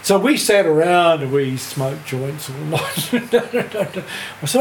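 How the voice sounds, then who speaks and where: A man's voice: a little high, lively intonation, takes it slowly. Older New Zealand man telling a rambling story. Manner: rambling, laughs through his story, swears freely. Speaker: guest, music writer. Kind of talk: casual anecdotal storytelling. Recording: echoey room with faint hiss.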